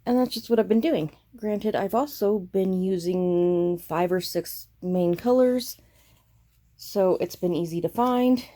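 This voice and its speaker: A woman vlogging casually about her cross-stitch progress, with a throaty, flat voice and a self-deprecating, apologetic, rambling way of talking. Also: mid-range voice, unhurried, no room sound. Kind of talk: casual show-and-tell chat.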